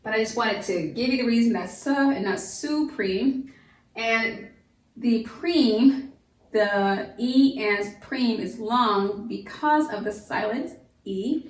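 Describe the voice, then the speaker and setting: A woman's voice: on the high side, takes it slowly. A woman teaching a vocabulary lesson to children, patient and encouraging, spelling words out letter by letter with frequent fillers. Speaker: homeschool teacher. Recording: echoey room.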